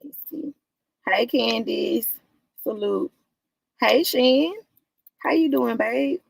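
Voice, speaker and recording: A woman hosting a live stream, greeting viewers one by one in a casual chat, with drawn-out greetings that jump up high. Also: vocal fry, husky, dry recording. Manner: warm, drawn-out greetings with sudden high lifts.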